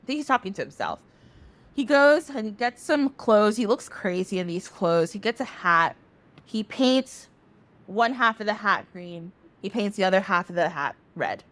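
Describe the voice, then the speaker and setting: A woman's voice: medium pitch, moderate pace. A woman podcast host retelling a myth in a casual, chatty way. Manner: animated, chatty, laughs easily. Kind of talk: casual storytelling.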